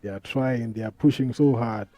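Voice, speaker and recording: A man's voice: mid-range voice, moderate pace, warm tone, dry recording, dull audio. A man hosting a podcast, talking casually in a rambling, profane way full of street slang. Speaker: podcast host. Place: podcast studio.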